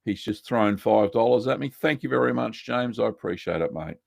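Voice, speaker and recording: A man hosting a live cheesemaking Q&A, relaxed and chatty, reading out viewer messages with lots of ums. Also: fairly low pitch, brisk, creaky, no echo, studio quality. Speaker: cheesemaking show host answering live chat. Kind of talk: casual live-stream Q&A.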